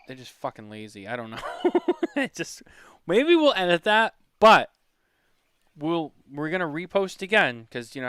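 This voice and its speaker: A man's voice: a little high, fairly bright tone, clear, resonant tone, no room sound, clean studio sound. A man hosting a podcast in casual chat, rambling and chatty as he reads comments. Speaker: podcast host.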